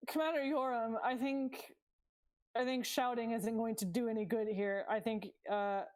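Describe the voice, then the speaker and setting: A woman as a calm female adventurer in a tabletop game, speaking in her own fairly high voice and trying to reason with an angry commander. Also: moderate pace, lightly acted.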